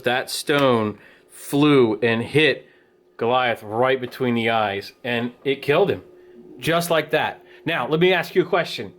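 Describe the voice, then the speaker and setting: A children's ministry teacher telling a Bible story to children in a casual, plain-spoken and animated way. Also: male voice, medium pitch.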